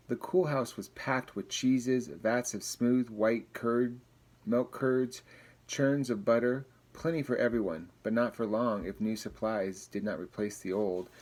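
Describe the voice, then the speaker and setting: A man's voice: fairly low pitch, darkish tone. A man teacher reading a poem and a chapter book aloud to a third-grade class, with friendly, chatty asides.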